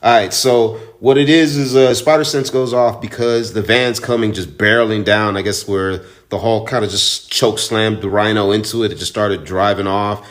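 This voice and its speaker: Shop owner, male, lowish voice, loose and profane, chatty comic recap. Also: steady tone, moderate pace, hardly any pauses. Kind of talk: casual comic book recap. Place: own store in Houston.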